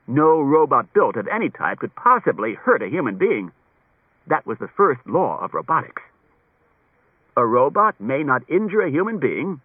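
A man narrating an audiobook in an expressive, varied reading style. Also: fairly high pitch, breathy edge, no echo. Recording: tinny narrow-band cassette tape, faint music.

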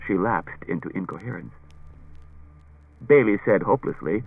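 Husky, expressive male storyteller. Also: sits low, normal speed, narrow, tinny audio, faint music behind. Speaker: audiobook narrator. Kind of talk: scripted narration.

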